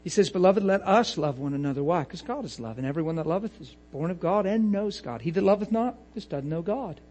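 A man preaching a lively sermon, laughing often and acting out little voices to make his points. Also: high-pitched, fairly quick, breathy edge.

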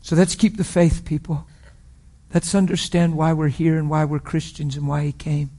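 Emotional preacher man, slightly high voice. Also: level tone, normal speed. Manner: emotional storytelling, shifts from loud to hushed whispers. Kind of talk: sermon testimony.

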